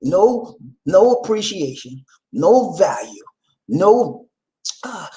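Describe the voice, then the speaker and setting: Man, casual video commentary, animated, repeats himself, talks straight to viewers, pitch rises and falls a lot. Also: slow. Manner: animated, repetitive, often laughing, addresses viewers directly.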